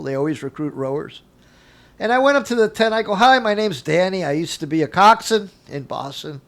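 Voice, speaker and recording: An older man, a guest on an interview show, telling animated anecdotes from his career and acting out the dialogue with frequent chuckles. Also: on the high side. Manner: acts out dialogue in quotes. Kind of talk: casual storytelling interview.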